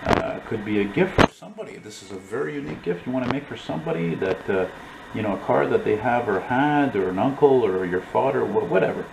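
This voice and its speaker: A man's voice: medium pitch, expressive, quick pace, creaky, noisy background. A man, chatting in a rambling, filler-heavy way as he talks to a handheld camera in his studio. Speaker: painter vlogger. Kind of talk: casual handheld vlog chat. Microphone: handheld camera mic.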